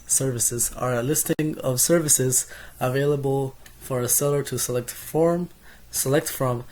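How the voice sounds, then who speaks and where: A young man reading through course notes as a casual spoken summary, reading lists steadily with small self-corrections and asides. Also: mid-range voice.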